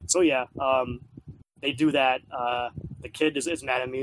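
A man's voice: medium pitch, fairly even intonation, normal speed, slight background noise, low-quality recording. A man hosting a gaming podcast who talks in a casual, rambling way with many fillers and restarts. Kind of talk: casual chat.

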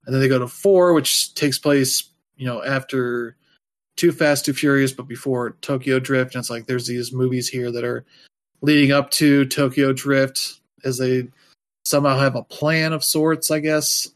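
A man's voice: medium pitch, steady tone, measured pace. Rambling man in casual chat. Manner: rambling, loose, heavy with fillers; wry, offhand asides.

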